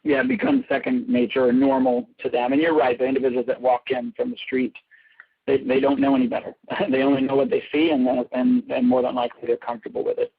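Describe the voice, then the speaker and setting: A man asks questions in an easygoing way, with light laughs between them. His voice is gravelly and husky, and it comes through a thin, tinny phone line. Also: medium pitch, animated, fast talker, no room sound. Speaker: interviewer. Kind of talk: audio interview, conversational.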